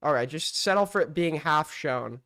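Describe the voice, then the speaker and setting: A man's voice: a little high, lively intonation, moderate pace, fairly bright tone. A young man hosting a live stream with call-ins, casual and mocking as he accuses a caller.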